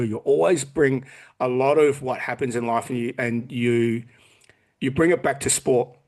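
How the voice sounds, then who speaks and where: A man in his forties, a podcast guest in casual chat who talks bluntly, swears a lot and acts out what people said. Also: medium pitch. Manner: blunt and heavily profane, acting out quotes.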